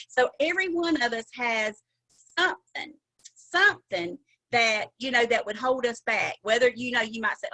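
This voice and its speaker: A woman's voice: fairly high pitch, animated, unhurried, bright, forceful tone, low-quality recording. A middle-aged woman with a Southern drawl, giving a chatty, folksy sales training talk on a video call. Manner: chatty, folksy, laughs often. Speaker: sales director.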